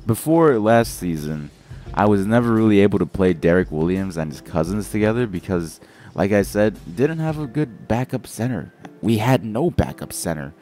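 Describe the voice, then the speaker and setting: Low-voiced young man commentating a game. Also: animated, normal speed, mellow, faint music behind. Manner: rambling, self-correcting, groggy morning voice. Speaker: gaming commentator. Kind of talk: casual gameplay commentary.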